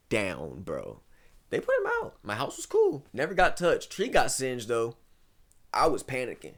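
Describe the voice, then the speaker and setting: A man's voice: mid-range voice, wildly swooping pitch, normal speed. A young man in his twenties from Ohio, a guest in a casual interview, rambling through stories and saying "bro" a lot. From Ohio, USA. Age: 20s. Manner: rambling storytelling, peppered with "bro".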